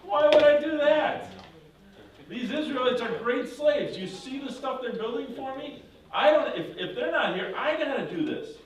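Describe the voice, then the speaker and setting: A man's voice: very high-pitched, expressive, normal speed, voice pushed up. A man voicing a stubborn, boastful male Pharaoh who speaks in a dismissive, scoffing way. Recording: echoey room from far off.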